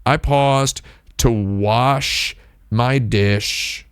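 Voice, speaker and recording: A man's voice: mid-range voice, drawn-out words, fairly bright tone, smooth, no room sound, studio quality. A man hosting a live stream, chatting casually in a rambling, digressive way with lots of restarts. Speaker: livestream host.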